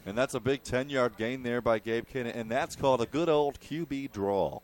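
A young man giving color commentary on a high school football game, explaining play calls like a coach. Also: normal speed.

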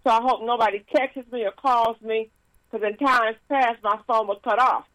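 A woman minister giving a casual sermon with stories and announcements, lively and laughing, with frequent praise interjections. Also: fairly high pitch, normal speed, no room sound, rough recording.

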